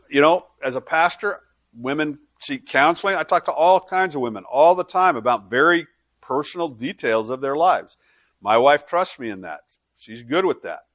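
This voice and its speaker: Guy pastor preaching, chatty story mode then fired up, dry close mic sound, mid pitch. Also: a bit bright, no room sound. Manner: conversational storytelling, building to fervent preaching. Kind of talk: sermon.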